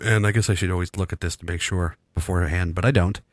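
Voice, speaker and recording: Raspy, rambling male podcast host. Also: low-pitched, steady tone, quick pace, no room sound. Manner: rambling, self-mocking, laughs often. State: raspy, rattling chest from illness. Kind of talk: casual podcast sign-off chat.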